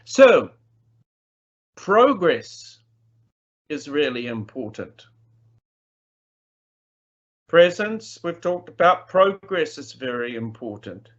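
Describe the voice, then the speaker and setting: A man giving a conference lecture on language teaching, emphatic and playful, with sudden swings in pitch and pace. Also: very animated, slow pace, pauses often, dull audio. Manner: playful asides. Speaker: plenary speaker on language teaching.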